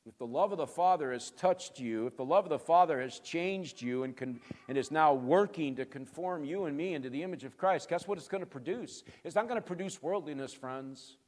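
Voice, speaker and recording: A male pastor giving an emphatic sermon, swinging between quiet and loud and answering his own rhetorical questions. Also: fairly high pitch, brisk, few pauses, long reverb tail.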